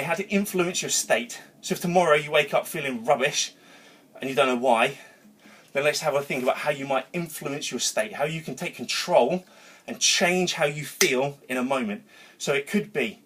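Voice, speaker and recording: A man's voice: mid-range voice, moderate pace, husky. Worked-up man ranting after a workout. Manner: energetic, rambling, swears casually. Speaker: vlogger. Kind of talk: motivational talk to camera. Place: home garage gym.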